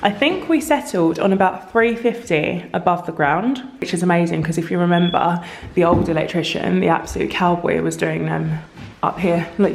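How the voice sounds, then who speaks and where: A woman vlogging casually about her house renovation, talking frankly and in a rambling way, a little croaky from tiredness, filmed on a handheld phone camera. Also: on the low side. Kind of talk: casual vlog chat. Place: empty house under renovation. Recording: echoey empty room, faint noise.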